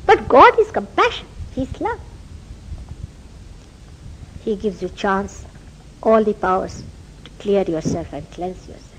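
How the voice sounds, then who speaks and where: This spiritual teacher from India has a husky, mid-range voice and a measured pace, pausing often during her public talk in a meeting house hall. She tells animated stories and poses rhetorical questions in an Indian accent, captured on a low-quality recording.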